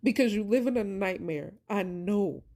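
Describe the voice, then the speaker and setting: A woman's voice: medium pitch, moderate pace, dark tone. A woman, talking passionately about faith and surviving abuse. She speaks like a preacher and repeats points for emphasis. Her voice is wearing thin and she is close to tears. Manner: addresses listeners as "y'all". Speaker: vlogger sharing her story. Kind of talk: heartfelt faith-based monologue.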